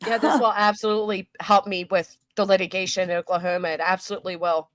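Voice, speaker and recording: A woman's voice: mid-range voice, flat delivery, fast, no room sound. A woman hosting a casual live stream, talking in a brash, profane, mocking way. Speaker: host.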